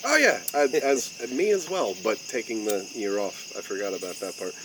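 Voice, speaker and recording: A man's voice: fairly low pitch, normal speed. Laid-back young man hosting a podcast. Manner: easygoing, laughs often, many fillers. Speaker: podcast host. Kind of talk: casual chat. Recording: steady background noise.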